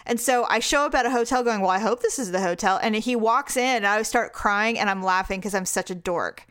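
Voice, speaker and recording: A woman's voice: medium pitch, fairly quick, a bit bright, clean tone. A woman of about fifty telling a long personal story in casual chat, laughing often and swearing freely.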